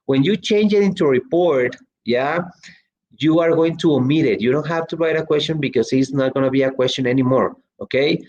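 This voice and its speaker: English teacher guy, rambly and chatty, lots of um and well, middle pitch, kinda muffled audio. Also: brisk, a little mellow. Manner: chatty, lots of fillers and restarts. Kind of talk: online class, reading student chat.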